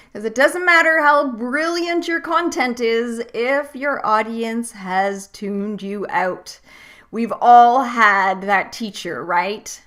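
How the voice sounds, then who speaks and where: Speaking straight into the lens for a tips video, this female online course coach sounds clear, cheerful and instructive, with a slightly high pitch. She shifts her pace and volume, easing off or getting louder, to stress key ideas.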